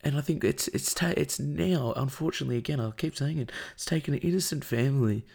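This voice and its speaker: A man's voice: medium pitch, quick pace, gravelly, darkish tone, breathy edge. An Australian man hosting a show, delivering an angry, profane and emotional rant as commentary.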